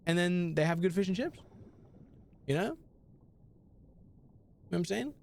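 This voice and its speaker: A man's voice: high voice, expressive, measured pace, gravelly, a little mellow, slight background noise. A young man live-streaming a video game, chatting casually and answering his chat with slang.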